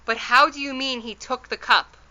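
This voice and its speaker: Storybook: woman reads a fretful tiny wife, pleading, smooth clear tone. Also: sits high, steady tone, moderate pace, pushed and bright, pitched above the performer's own voice, low-quality recording. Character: anxious tiny female borrower, fretful wife. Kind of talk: storybook read-aloud.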